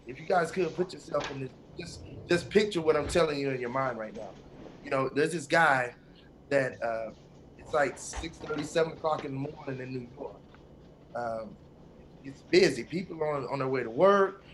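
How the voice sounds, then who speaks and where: A man giving a motivational talk on a podcast, telling stories in an animated way and acting out the quotes. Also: fairly high pitch, slight background noise. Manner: animated storytelling, acts out quotes. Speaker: podcast co-host.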